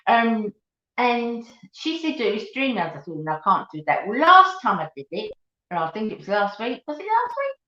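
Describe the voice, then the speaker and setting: A chatty woman with a Cockney accent hosts a live stream, her voice sitting a little high. She rambles warmly to her viewers and calls them darling and sweetheart. The sound is roomy and dull, like a lo-fi home stream. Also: big pitch swings, moderate pace. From East End of London. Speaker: beauty channel host. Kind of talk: casual live-stream chat.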